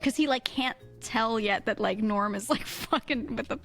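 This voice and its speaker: A woman's voice: on the high side, moderate pace, fairly bright tone, soft background music. A woman streamer telling a rambling story in casual chat, swearing freely, often laughing and correcting herself.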